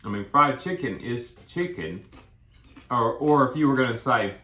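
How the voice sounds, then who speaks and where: A man's voice: medium pitch, animated, normal speed, bright, forceful tone. A man chatting casually while he eats, rambling from one thought to the next with food in his mouth. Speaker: co-host of a food vlog. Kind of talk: casual mukbang chat while eating. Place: indoors at a table, eating. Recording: echoey room.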